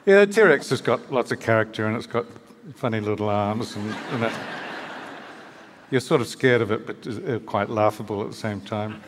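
A man's voice: lowish voice, expressive, moderate pace, a little hiss or hum. An older man from New Zealand, a guest author telling stories at a live book talk in a wry, hesitant way, with many fillers and restarts. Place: live event venue. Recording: reverberant hall.

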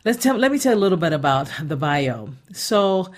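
A woman's voice: lowish voice, sing-song, brisk. A woman hosting a radio talk show, chatty and emphatic, often restarting her sentences. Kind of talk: casual radio chat. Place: radio studio.

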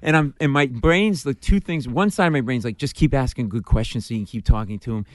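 A man, a stand-up comedian, telling a story in an animated way, acting out the voices and shrieking at the funny parts. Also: mid-range voice, fast, no echo, studio quality. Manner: acts out dialogue, mimics screams, self-deprecating.

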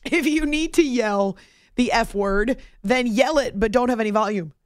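A woman's voice: on the high side, normal speed, no room sound, studio quality. A woman hosting a sports talk segment, chatty and wry, commenting on basketball news. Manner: chatty, wry, laughs between points.

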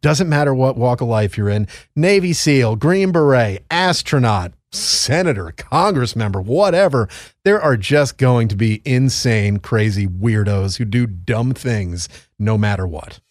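Animated sarcastic man, dry close sound. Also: medium pitch, unhurried, no room sound. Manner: animated, sarcastic, laughs a lot. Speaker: podcast guest. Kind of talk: casual panel chat.

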